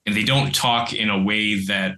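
Male podcast co-host: bright, forward tone on a low voice, animated, rambling and casually profane. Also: normal speed, low-quality recording.

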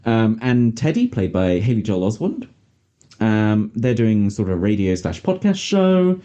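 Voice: medium pitch, big pitch swings, unhurried, mellow, highs cut off. A podcast host in casual chat, chatty and sarcastic, often laughing.

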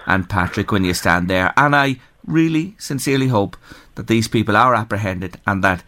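An Irish man hosts a radio phone-in, his voice sitting low and earnest. He speaks sympathetically and reads listeners' messages aloud. The studio sound is close and dry. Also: animated, normal speed, pushed and bright, dry recording. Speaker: radio talk show host. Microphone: studio microphone.

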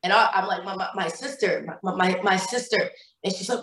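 A woman's voice: mid-range voice, fairly quick, fairly bright tone, reverberant, rough recording. A woman from Cleveland, Ohio, telling a painful personal story as a podcast guest, repeating words and acting out quoted dialogue.

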